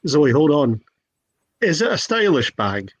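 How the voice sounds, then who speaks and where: A man playing a tabletop game who jokes and thinks out loud. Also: on the high side, sing-song, unhurried, slight background noise. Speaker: player. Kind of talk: casual tabletop game talk. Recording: dull lo-fi sound.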